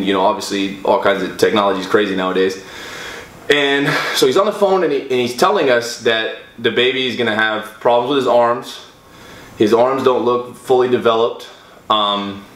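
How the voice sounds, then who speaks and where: A young man recounts a personal story to his viewers in a loose, rambling style, full of fillers and restarts. His voice sits at an ordinary middle pitch. The room around him is noticeably echoey. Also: fairly bright tone. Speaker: fitness vlogger.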